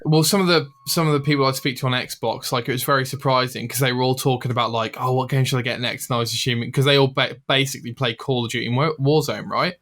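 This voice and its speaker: Male podcast host, casual and chatty, average pitch. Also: fairly even intonation, fast, hardly any pauses, a bit bright. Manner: chatty, filler-heavy, reads out listener email. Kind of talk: casual gaming chat.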